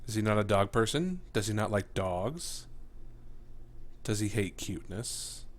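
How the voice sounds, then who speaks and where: A man's voice: lowish voice, expressive, measured pace. A man playing a tabletop game, playful and mock-formal. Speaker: player.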